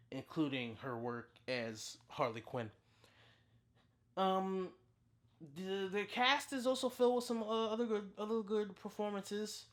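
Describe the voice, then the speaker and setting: Picture a chatty movie reviewer in their thirties talking straight to camera. Their voice sits in an ordinary middle range and leaps suddenly upward when they get worked up. They keep doubling back, stumbling over words and starting over mid-thought. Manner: excitable, with big pitch jumps and frequent restarts. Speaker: movie reviewer, channel host. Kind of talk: casual spoken film review.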